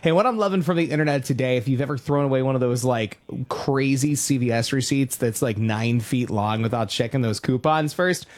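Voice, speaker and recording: A man's voice: medium pitch, a little fast, few pauses. A man hosting a morning radio show, delivering upbeat, joking commentary. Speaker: radio host.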